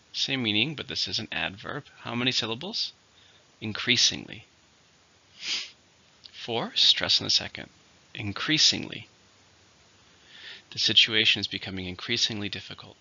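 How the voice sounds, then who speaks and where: Man, low gravelly voice, very bright tone, deliberate vocabulary teacher, dull lo-fi recording. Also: animated. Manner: slow, deliberate, repeats each word clearly. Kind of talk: scripted vocabulary lesson.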